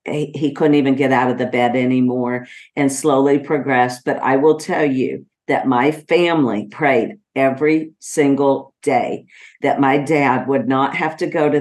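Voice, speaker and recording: Slow, soft-spoken woman sharing a loss. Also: rumbling low. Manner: slow, gentle and heartfelt, with frequent pauses and fillers. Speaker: podcast host. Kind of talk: personal reflective monologue.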